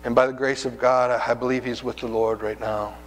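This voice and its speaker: A man's voice: medium pitch, level tone, a little fast, big-room sound, a little hiss or hum, low-quality recording. A man preaching a sermon as pastor, telling personal stories in a conversational way and acting out the voices in them. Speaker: pastor and hospice chaplain. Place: church sanctuary.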